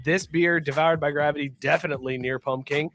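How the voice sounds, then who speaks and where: A man's voice: fairly high pitch, steady tone, brisk, a bit bright. A man hosting a casual podcast chat, enthusiastic and teasing his guest. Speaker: podcast host.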